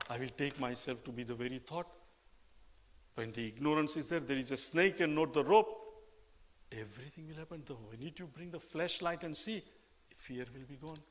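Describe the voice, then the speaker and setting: A man's voice: on the high side, moderate pace. An older man giving a spiritual discourse, asking rhetorical questions and acting out little dialogues. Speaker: spiritual teacher. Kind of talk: Vedanta scripture discourse.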